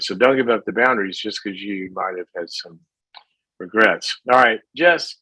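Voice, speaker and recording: A man's voice: lowish voice, bright, forceful tone, no echo, rough recording. A middle-aged man hosting a call-in advice show, talking in a casual, folksy way and acting out little scenes.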